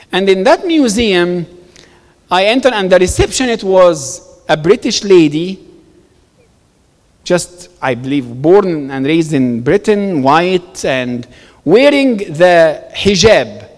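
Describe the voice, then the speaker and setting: A man giving an emphatic public talk to an audience, repeating words for stress and telling stories. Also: high voice. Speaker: speaker answering audience questions. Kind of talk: animated public talk with storytelling. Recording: long reverb of a hall.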